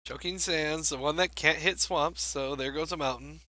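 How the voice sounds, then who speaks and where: A man's voice: on the high side, moderate pace, bright, forceful tone, no echo. A young man giving wry, self-mocking commentary on a card game match as he plays, thinking aloud. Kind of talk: gameplay commentary.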